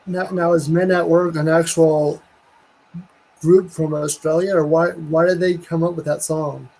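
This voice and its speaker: A man's voice: fairly high pitch, little pitch movement, measured pace, creaky, a little mellow, rough recording. A man hosting a casual live chat, hesitant and repeating words as he asks things. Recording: faint background noise.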